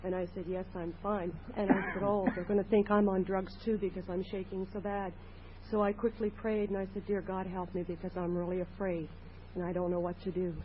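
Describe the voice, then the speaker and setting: A woman's voice: mid-range voice, level tone, a little fast. A woman sharing a personal story at a recovery meeting in an earnest, plain way. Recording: dull 1980s tape with faint hiss.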